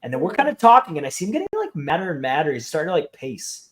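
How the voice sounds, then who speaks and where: Animated man telling a backstage story. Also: a little high, very fast. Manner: animated storyteller acting out quotes. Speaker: podcast guest. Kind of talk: casual storytelling.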